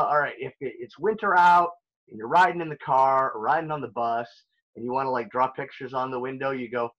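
A man's voice: mid-range voice, lo-fi sound. A man teaching a recorded elementary music lesson, upbeat and playful as he talks straight to young children.

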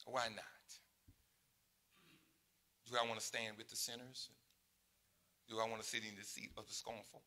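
A pastor in his sixties preaching a sermon in a conversational way, dropping to quiet asides and rising to loud, high exclamations. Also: little pitch movement, normal speed, pauses often. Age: 60s.

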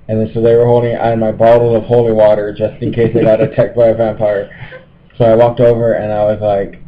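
A man tells his side of a story in easygoing chat, often breaking into laughter. His mid-pitched voice sounds muffled and lo-fi. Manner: laughs often while recounting.

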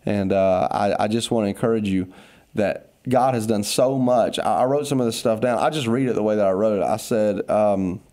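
A man's voice: lowish voice, normal speed, warm tone. A man, a pastor giving a casual, upbeat devotional talk on a podcast, teasing his co-host, then turning earnest.

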